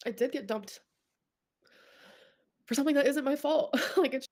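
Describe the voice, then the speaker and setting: A woman livestreamer with a stuffy nose chats casually and rambles, stuffing her speech with "like." Her voice sits high with a somewhat dark tone.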